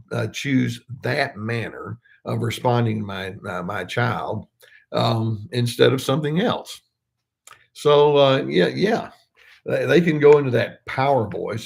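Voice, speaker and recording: A man's voice: mid-range voice, creaky, slightly rough. An older male therapist talking casually through viewer questions, with frequent fillers and restarts and little acted-out quotes. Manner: relaxed, many fillers and restarts, acts out quoted lines. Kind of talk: casual livestream Q&A talk.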